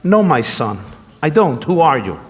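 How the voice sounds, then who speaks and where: A man voicing a calm, frail old woman, well over sixty, who speaks softly and slowly. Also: a little high, long reverb tail. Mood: unruffled.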